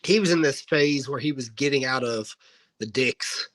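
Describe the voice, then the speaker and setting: A man's voice: medium pitch, normal speed, poor audio. A man in his thirties, a guest wrestler, telling stories in a casual interview and acting out what people said. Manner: animated anecdote-telling, acting out quoted dialogue.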